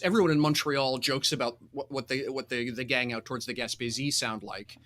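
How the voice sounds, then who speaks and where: Bright-voiced man running a tabletop game. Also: medium pitch. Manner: rambling, self-interrupting, laughs easily. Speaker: game master. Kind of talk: casual tabletop game chat.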